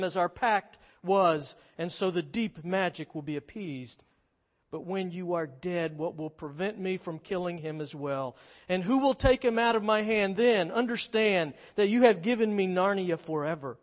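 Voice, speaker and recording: Guy reading the wicked witch queen from a storybook, cruel, gloating, slow and pointed, kinda high voice. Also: long reverb tail. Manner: read aloud dramatically, slow and pointed.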